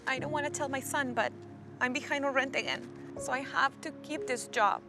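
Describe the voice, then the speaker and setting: A woman's voice: high-pitched, brisk, heavy background noise, close to an everyday voice. An actress with a foreign accent playing an upset, discouraged mother in a scripted drama. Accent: non-native English.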